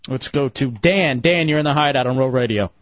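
A man's voice: mid-range voice, dry recording, dull audio. A man hosting a casual call-in radio show, laughing and teasing his co-hosts and callers. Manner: laughing, teasing, quick back-and-forth.

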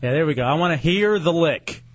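High-voiced teasing radio host man. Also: lively intonation, fairly quick. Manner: teasing, laughs often. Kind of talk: joking talk radio banter. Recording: dull lo-fi radio broadcast.

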